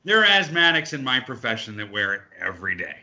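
A man's voice: mid-range voice, sing-song, fast talker, bright, forceful tone. A man co-hosting a podcast in casual chat, ranting heatedly and swearing often. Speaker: podcast co-host. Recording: dull lo-fi sound.

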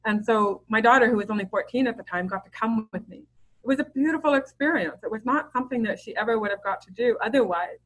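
A middle-aged woman guesting on a podcast talks fast in a fairly high, fairly bright voice, sharing stories openly and chattily with plenty of fillers and restarts in a casual interview. The audio quality is poor.

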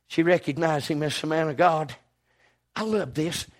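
A man preaching a storytelling sermon, folksy and emphatic, dropping to a hush and rising to a shout. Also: on the high side, normal speed.

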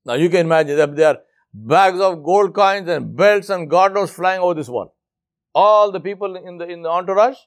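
A man preaching in a storytelling sermon, acting out the voices of the people in his story and dropping low for the lesson. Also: normal speed.

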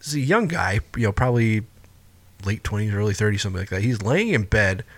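A man's voice: fairly low pitch, lively intonation, a little fast, no room sound. A man co-hosting a podcast, chatting loosely about a film, incredulous and freely swearing. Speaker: podcast co-host. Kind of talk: casual film review chat.

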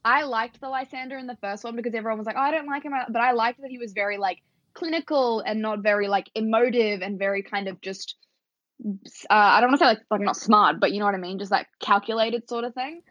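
A woman co-hosting a podcast in casual book chat, talking fast and animated, with lots of fillers and some swearing. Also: on the high side, dry recording, lo-fi sound. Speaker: podcast co-host.

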